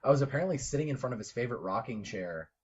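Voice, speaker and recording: A young man co-hosting a casual podcast from a room at home, excitable, swearing freely and laughing often. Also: medium pitch, racing, husky. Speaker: podcast co-host. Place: home room, window open. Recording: dull lo-fi home recording.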